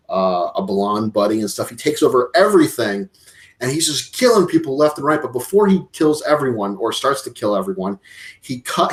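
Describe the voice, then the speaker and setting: A man co-hosting a podcast, retelling a film in a casual, profane way, acting out lines and laughing often. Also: on the low side. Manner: animated, profane storytelling with acted-out quotes and laughs. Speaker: podcast co-host. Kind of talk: casual movie review chat.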